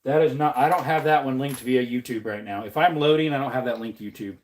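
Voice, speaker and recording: A man hosting a livestream, casually reading out and answering viewer comments with frequent laughs and jokes. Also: quick pace. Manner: laughs often, jokey, repeats "man" and "allegedly"; puts on a higher voice when quoting people. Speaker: livestream host.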